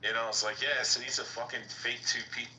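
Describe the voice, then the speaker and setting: A man's voice: mid-range voice, level tone, fairly quick, sharp tone, slight background noise, poor audio. A young man telling a heated story in casual talk, swearing constantly and acting out what others said. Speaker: guest speaker.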